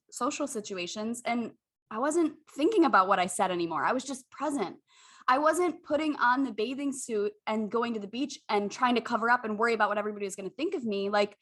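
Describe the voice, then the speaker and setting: In a fairly high, fairly bright voice, a woman podcast host chats casually, candid and effusive. She frequently addresses her listeners directly as "you guys."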